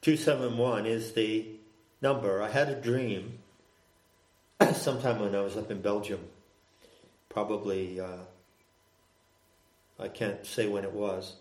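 An older man, a guest on the talk, recounting a spiritual experience in a measured, deliberate way. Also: lowish voice, steady tone, a little mellow. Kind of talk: reflective conversational storytelling. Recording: roomy echo.

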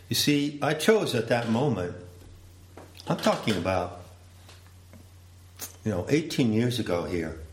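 A man giving a slow, deliberate, reflective storytelling talk. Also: on the low side. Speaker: speaker. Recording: roomy echo.

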